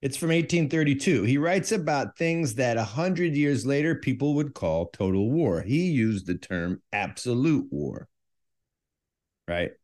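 A male podcast host from the States talks through history in a casual, joking way. He speaks at an unhurried pace, and his pitch rises and falls with a lot of animation. The delivery sounds chatty and self-aware. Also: big pitch swings, a little mellow. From United States. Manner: jokey, conversational, self-aware.

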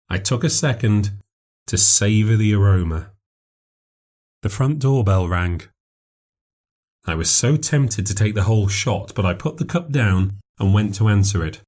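A man narrating a ghost story in a measured, steady way. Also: fairly low pitch.

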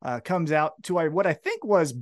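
A man co-hosting a wrestling podcast, recapping events in an excitable, profane, casual chat. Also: a little high, moderate pace. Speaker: podcast co-host.

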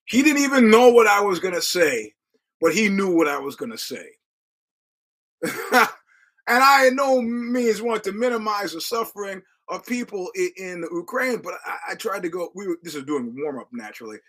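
This middle-aged American host's voice sits high with big pitch swings, a moderate pace, and a fairly bright tone, captured in low-quality audio. On his podcast he digresses through casual stories, restarting often, quoting voices, and cursing wryly.

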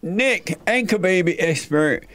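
A man hosting a casual talk radio show from a studio, brisk and teasing as he directs his guests. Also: high voice, expressive, fairly bright tone.

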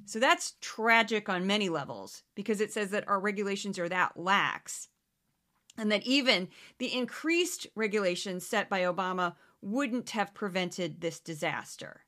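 Woman host, bright, crisp voice, animated and sarcastic, casual monologue. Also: medium pitch, normal speed. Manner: animated, sarcastic, mimics others in exaggerated voices. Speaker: podcast host.

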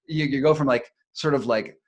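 A man's voice: medium pitch, moderate pace. A middle-aged man, a journalist and author, telling a story in a casual interview, rambling with many fillers and restarts.

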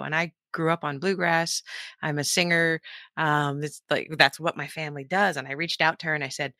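A middle-aged woman from California chats as a podcast guest in a somewhat low voice. She talks in an animated way and laughs often. The recording is dry and close. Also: no echo. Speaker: author guest. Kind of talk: casual interview chat.

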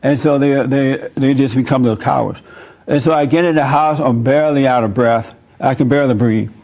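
A man's voice: mid-range voice, fairly quick, a little mellow. A man preaching informally and answering listener questions, speaking conversationally, telling personal stories and chuckling often. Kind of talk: informal sermon.

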